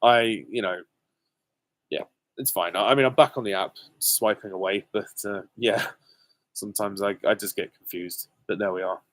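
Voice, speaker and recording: A hesitant young British man, a channel host, answers viewer questions in a casual live Q and A. His voice is on the low side and a bit bright, at a moderate pace, and he's candid and self-deprecating, with many ums. The sound is dry, with no room sound.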